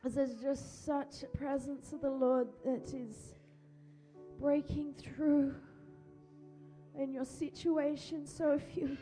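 A woman pastor, speaking gently and encouragingly, often repeating her phrases, during a church service and children's talk. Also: sits high, level tone, takes it slowly, soft background music. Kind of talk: worship prayer and children's talk. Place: church hall. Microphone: handheld microphone.

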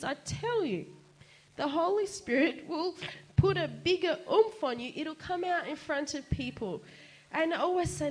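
A woman giving a casual, chatty sermon, animated and laughing often, her voice jumping up for quoted asides. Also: sits high. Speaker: preacher.

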